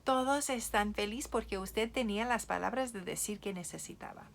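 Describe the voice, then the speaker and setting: A woman teaching young children, switching between English and Spanish in an animated, playful way. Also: mid-range voice, quick pace, creaky, a little hiss or hum. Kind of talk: bilingual read-aloud lesson for children.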